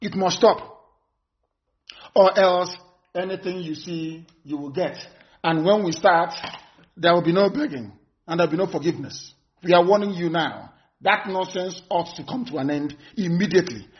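Over dull, lo-fi audio, an activist broadcaster speaks live in a notably high voice at a moderate pace. His tone stays stern as he repeats himself to press his warnings, occasionally shouting.

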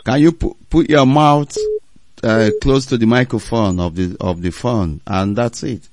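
A man's voice: mid-range voice, a little slow, no room sound. A man hosting a radio call-in show, firm and insistent, repeating his prompts to callers.

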